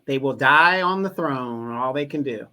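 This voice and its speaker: A man, a guest in a casual political discussion, speaking in a measured way while he searches for words. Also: mid-range voice, lively intonation, sharp tone. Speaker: guest commentator.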